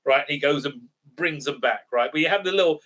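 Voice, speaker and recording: A sarcastic man recapping an episode in a loose rant. His voice is high and sharp-edged, and he rambles through fillers and keeps tossing in tag questions. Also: fairly quick. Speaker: video reviewer. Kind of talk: ranting recap review.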